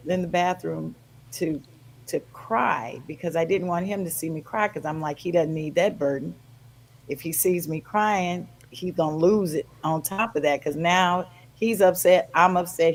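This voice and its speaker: A woman's voice: lowish voice, rough recording. An older woman guest on a podcast, telling a personal story with feeling and acting out the voices in it. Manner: animated, acts out quoted voices.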